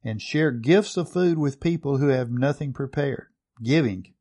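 A man preaching a sermon, reading scripture aloud and putting questions to his listeners, slowing down low for emphasis and then picking up speed. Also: a little mellow. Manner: asks the congregation questions and reads scripture aloud.

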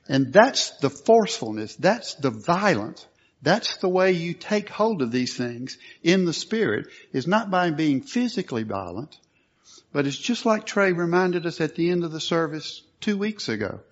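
A man preaching a sermon, earnest and at times forceful, on a dull lo-fi recording. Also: a little high, sing-song, measured pace. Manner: earnest, rising to forceful emphasis.

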